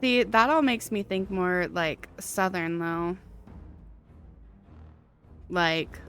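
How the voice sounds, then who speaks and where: A woman streamer chats with her viewers in an easy, unhurried way, breaking into giggles and poking fun at herself. Faint music plays quietly behind her. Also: lowish voice. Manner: chatty, giggly, self-deprecating. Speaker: game streamer. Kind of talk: casual live-stream chat.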